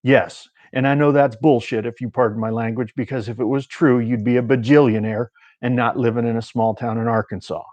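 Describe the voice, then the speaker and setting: A man's voice: mid-range voice, steady tone, fairly quick, few pauses, darkish tone, no room sound, natural voice. A man voicing a feisty, blunt middle-aged sister from a small town, talking with brash exasperation. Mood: exasperated. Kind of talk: audiobook reading.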